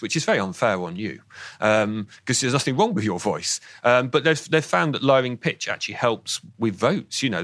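A man's voice: fairly low pitch, a bit bright, dry recording. A man with a southern English accent, a guest on a radio interview, explaining things eagerly and often repeating the first words of a sentence. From southern England. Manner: enthusiastic, explanatory, repeats words when starting sentences, laughs now and then. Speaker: expert guest on voice and speech. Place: radio studio.

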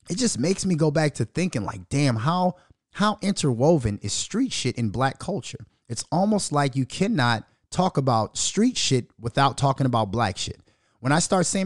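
A man hosting a podcast in a heated, profane rant, his voice swinging widely up and down as he pushes his points. He sits a little higher than most men, and the sound is dry and close with no room around it. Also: no echo. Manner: aggressive, profane and venomous. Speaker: podcast host.

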